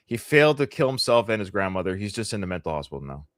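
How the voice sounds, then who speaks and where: A man's voice: fairly low pitch, sing-song, fast talker, a bit bright, no echo, studio quality. A middle-aged Canadian man co-hosting a live podcast, chatting casually with a joking, rambling, sarcastic manner. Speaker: podcast co-host.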